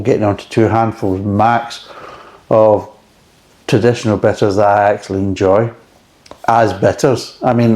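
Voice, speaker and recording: A man's voice: on the low side, a little mellow. A middle-aged man chatting casually and frankly as he reviews a beer, rambling between thoughts.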